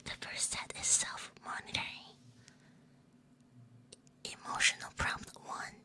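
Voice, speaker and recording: A young woman VTuber whispers through a playful, giggly role-play into a binaural 3Dio microphone, reading prompts aloud and mixing in Chinese and Japanese phrases. She takes her time, and her tone is sharp.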